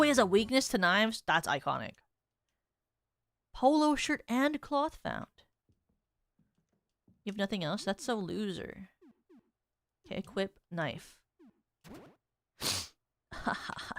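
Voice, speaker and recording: A young woman streams a game and talks her way through it, reading menus and item text aloud in a casual, chatty way. Her pitch sits in a middle range, and she breaks into laughter or a quick curse when something surprises her. Faint game music plays underneath. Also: very animated. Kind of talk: casual gameplay commentary.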